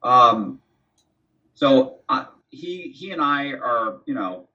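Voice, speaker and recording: A man's voice: mid-range voice, animated, takes it slowly, pushed and bright. A man guest in an interview, casually retelling a story with quoted dialogue and frequent restarts. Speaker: podcast guest. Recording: distant, dull lo-fi sound.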